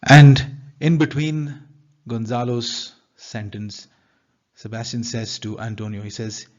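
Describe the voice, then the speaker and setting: Brief: male teacher with an Indian English accent, mid pitch, explains text line by line, muffled lo-fi recording. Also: measured pace, darkish tone. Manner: explains line by line, paraphrasing in plain words. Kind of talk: literature lecture, reading and paraphrasing lines. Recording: dull lo-fi recording.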